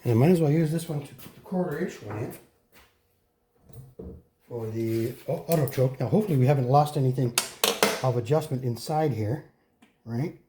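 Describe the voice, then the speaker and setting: A man's voice: mid-range voice, moderate pace, long pauses, background noise. A man chatting casually to viewers while he works on a mower in his repair shop, correcting himself as he goes. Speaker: host fixing a lawn mower. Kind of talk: casual workshop vlog narration.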